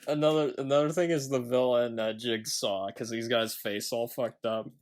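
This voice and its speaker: A young man co-hosting a casual film podcast at a middle pitch. He recounts movie scenes with a loose, chatty delivery and keeps slipping into laughter. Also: steady tone, moderate pace. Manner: giggly, laughs often while talking, recounting scenes. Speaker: podcast co-host. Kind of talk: casual film review chat.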